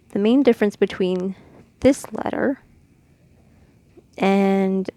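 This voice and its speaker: A woman from Mexico teaching letters and their sounds in a casual, patient lesson, demonstrating each sound slowly. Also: medium pitch, gravelly, a little mellow, no room sound. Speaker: Quran reading teacher.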